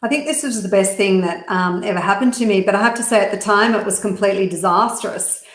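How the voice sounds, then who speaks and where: A woman with an Australian accent telling stories quickly and animatedly as an interview guest, with plenty of fillers. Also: mid-range voice. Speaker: guest, business founder. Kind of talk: interview storytelling. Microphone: video call. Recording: roomy echo.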